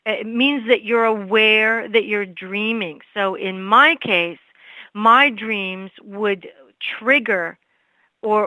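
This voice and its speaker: A woman's voice: mid-range voice, sharp tone, dry recording, low-quality recording. A woman guest on a radio interview, telling a story and acting out the people she quotes. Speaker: guest author.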